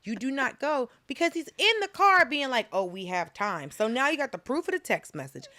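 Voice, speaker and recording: A woman's voice: sits high, no echo. Exasperated woman podcast host, dry sound. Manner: animated, exasperated, quick asides and mock quotes. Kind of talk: casual chat.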